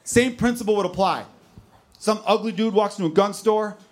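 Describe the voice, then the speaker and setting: A man in his thirties doing a stand-up comedy set, telling stories with animated asides. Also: high-pitched, a little fast. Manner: animated storytelling with voiced asides.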